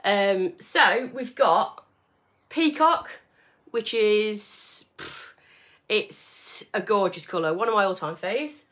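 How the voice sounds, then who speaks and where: A woman's voice: mid-range voice, slow, a bit bright. A woman chatting casually to viewers while she paints furniture, rambling and friendly. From English Midlands, near Birmingham.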